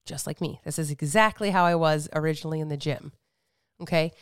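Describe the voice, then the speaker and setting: A middle-aged woman talks through a fitness podcast monologue, candid and lively, swearing freely as she tells her stories. Her voice is smooth and clear, recorded dry and close with almost no room sound. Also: sits low, fairly quick, dry recording. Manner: candid, animated storytelling with frequent swearing and acted-out quotes. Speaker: fitness coach and podcast host.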